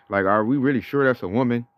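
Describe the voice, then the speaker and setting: A man's voice: mid-range voice, a little fast, no echo, dull audio. A man co-hosting casual religious commentary in a blunt, rambling, slangy way. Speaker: co-host.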